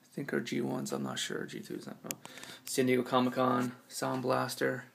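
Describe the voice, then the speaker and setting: A man with a scratchy, hoarse voice gives a laid-back, rambling tour of his collection at home, with many ums and casual swearing. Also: medium pitch, very animated, normal speed. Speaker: collector giving a room tour.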